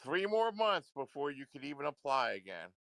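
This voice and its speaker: A man's voice: fairly high pitch, big pitch swings, moderate pace, vocal fry, fairly bright tone, no room sound. A man ranting into a livestream, confrontational and repetitive, swearing often. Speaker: livestream commentator.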